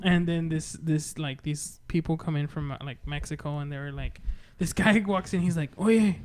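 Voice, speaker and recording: A man's voice: fairly high pitch, normal speed. A man telling funny stories in a casual podcast chat, laughing often and acting out the people he quotes, with plenty of swearing. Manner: laughing, profane, acts out quoted voices.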